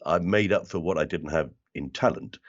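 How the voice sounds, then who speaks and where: A man's voice: sits low, normal speed, dull audio. An older man from South London with a London accent, telling stories as an interview guest and slipping into other people's voices. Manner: animated storyteller who slips into other people's voices. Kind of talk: casual interview chat.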